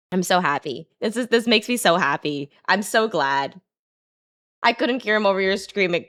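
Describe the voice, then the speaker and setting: A woman streamer in excitable, giggly casual chat, often repeating herself. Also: on the low side, fairly quick.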